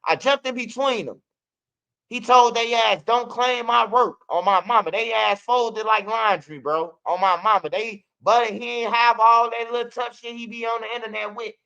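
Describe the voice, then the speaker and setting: Bright, high-voiced Chicago man telling stories. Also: moderate pace, gravelly, smooth, dull audio. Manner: animated, profane, acts out quotes of others. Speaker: guest telling street stories. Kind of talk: casual storytelling.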